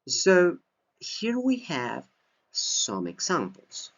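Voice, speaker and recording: Huge pitch swings and vocal fry mark the voice of a male English teacher going slowly and deliberately through a slide-based grammar lesson. He repeats key phrases for emphasis, and the recording sounds lo-fi and dull.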